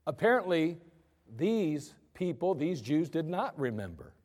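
A man preaching from the pulpit with a high, light voice and a loose, conversational delivery. His words trail off into a long church reverb. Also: a little slow. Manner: conversational, animated storytelling. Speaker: pastor. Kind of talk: sermon. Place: church sanctuary.

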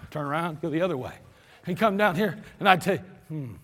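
A man's voice: fairly high pitch, quick pace. A man preaching a sermon with storytelling and acting out the voices of the people in his stories. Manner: animated storyteller, acts out voices. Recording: long hall reverb.

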